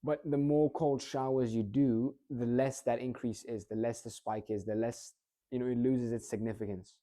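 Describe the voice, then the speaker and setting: Male speaking coach, very dark and mellow tone, lively casual delivery with frequent check-ins. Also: mid-range voice, moderate pace. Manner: energetic, demonstrative, checks in with the listener often. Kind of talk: casual instructional talk.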